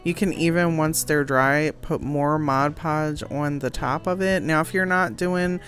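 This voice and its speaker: A crafting vlogger narrates a craft tutorial in a casual voice-over, chatty, giggly and often poking fun at herself. Her voice is low and a bit bright, with fairly even intonation and a measured pace.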